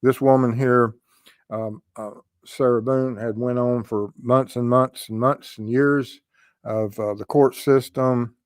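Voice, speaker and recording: A man's voice: medium pitch, fairly even intonation, slow, dry recording, studio quality. An older man hosting a casual true crime livestream, rambling with many ums and uhs as he greets viewers in the chat.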